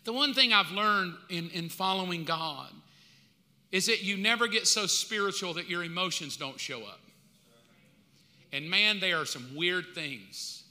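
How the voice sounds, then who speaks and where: A man's voice: sits high, a little slow, bright, forceful tone. A man from the United States preaching a sermon as pastor, in a casual, colloquial way with slang asides. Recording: long reverb of a large hall.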